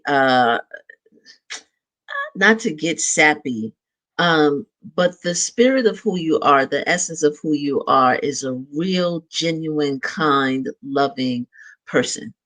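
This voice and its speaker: Guy hosting a talk show, bit higher voice, earnest and affirming. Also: lively intonation, takes it slowly, fairly bright tone. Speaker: host. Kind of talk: interview chat.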